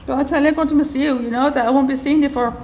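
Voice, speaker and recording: Very high-voiced woman cooing at horses. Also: fairly even intonation, very fast, a little mellow, reverberant, slight background noise. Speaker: horse visitor filming a vlog. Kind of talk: casual chat to horses. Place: outdoors by horse paddocks.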